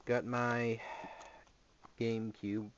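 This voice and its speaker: A man's voice: mid-range voice, level tone, drawn-out words, a little hiss or hum. Rambling young man with lo-fi audio. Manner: rambling, jokey and sarcastic. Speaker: vlogger. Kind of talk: casual home video tour. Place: small gaming closet indoors.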